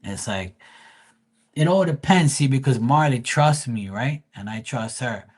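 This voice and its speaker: Telling a loose, profane story with lots of restarts, a psychic tarot reader on a livestream sounds animated yet unhurried. His voice is husky and medium in pitch.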